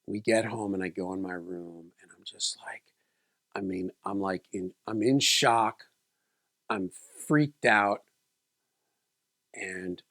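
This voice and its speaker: In this casual vlog, a South Florida man with a lowish, somewhat bright voice recounts something from his own life. The telling wanders, full of false starts and restarts.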